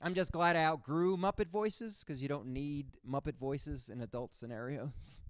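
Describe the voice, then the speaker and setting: A young man from Cuba performing a stand-up comedy set on stage, with no accent and frequent jumps into high character voices. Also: moderate pace, clean tone, no room sound. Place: comedy stage before a live audience.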